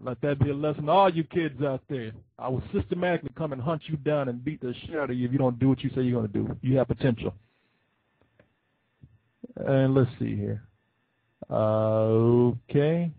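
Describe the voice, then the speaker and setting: A man hosting a call-in show, chatting casually with callers in an excitable, joking way. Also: medium pitch, brisk, gravelly, slightly rough, dry recording, phone-quality sound.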